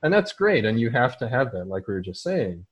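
A man from the United States, a teacher and soccer coach, answering at length in an interview in an animated way, restarting often and acting out his own thoughts. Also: mid-range voice, a little fast, breathy edge, muffled recording.

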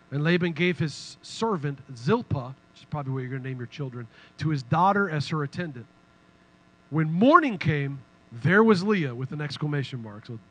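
A man preaching a sermon in a casual, humorous, animated way. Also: mid-range voice, poor audio. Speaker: pastor.

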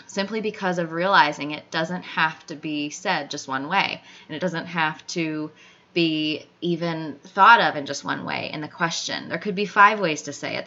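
Encouraging woman with a bright, forceful voice. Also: lowish voice. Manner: earnest, encouraging, talks straight to the listener. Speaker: podcast host. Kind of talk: motivational monologue. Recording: dull lo-fi audio.

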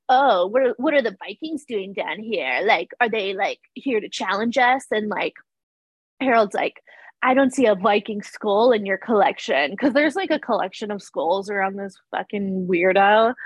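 A woman's voice: medium pitch, a little slow, slightly rough, dry recording, muffled recording. Young woman gabbing about a tv episode, lots of "like" and giggles, dry close mic. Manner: chatty, laughs often, fillers like "like". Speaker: podcast co-host recapping a TV episode. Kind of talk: casual chat.

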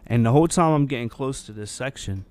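A young man co-hosting a podcast, telling a long, rambling story in a relaxed way with lots of fillers. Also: mid-range voice, fast talker. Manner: rambling, laid-back anecdote with many fillers. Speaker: podcast co-host. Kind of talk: casual storytelling chat.

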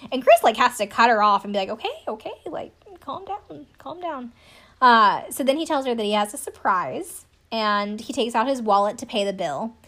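A woman's voice: medium pitch, lively intonation, a little fast, hardly any pauses, pushed and bright. A woman in her twenties recapping a reality show in casual chat, sarcastic and swearing now and then. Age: 20s.

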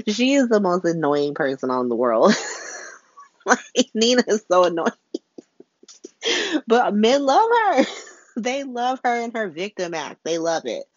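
A woman's voice: sits low, no echo, dull audio. A woman recapping soap episodes in a sassy, profane, casual style, laughing often. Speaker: soap opera recap host.

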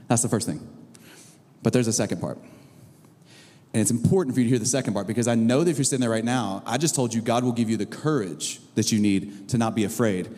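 A middle-aged man preaching a sermon, telling stories with a lively, animated delivery that swings from booming highs to low, drawn-out lines. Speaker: pastor. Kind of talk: sermon with storytelling. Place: church auditorium. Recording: long reverb of a large hall.

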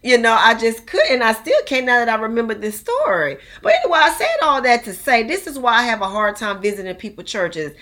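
A woman telling a story straight to her viewers in a casual, animated, exaggerated way, full of slang. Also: a little high, a little fast, few pauses.

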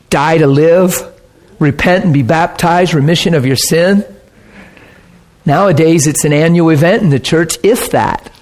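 A man's voice: on the high side, darkish tone. A man preaching a conversational sermon, telling stories with casual, emphatic asides.

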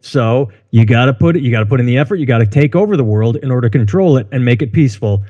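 Blunt, mellow-voiced man on a dull mic. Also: mid-range voice, animated, quick pace. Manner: blunt, profane, reads articles aloud. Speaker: podcast co-host. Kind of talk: casual podcast banter.

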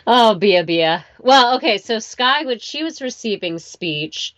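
A woman's voice: fairly high pitch, measured pace, no room sound. A woman chatting casually and telling a story, acting out the voices of the people in it. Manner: animated storytelling, acts out quoted voices. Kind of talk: casual chat. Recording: dull, dry lo-fi sound.

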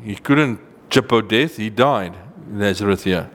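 A man preaching a sermon, reading old-style scripture verses slowly and stressing key words with rising pitch. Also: in a large hall. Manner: earnest, emphatic, rises in pitch on key points, slows to read verses.

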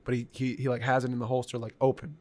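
A man telling a story in casual conversation, animated and profane, with lots of filler words. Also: mid-range voice, fast talker.

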